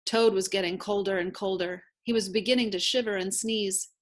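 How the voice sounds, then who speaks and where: A woman teacher reads a children's picture book aloud at an easy, measured pace. Her narration is clear and gentle, made for young listeners. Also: mid-range voice, fairly even intonation. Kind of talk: read-aloud storybook narration.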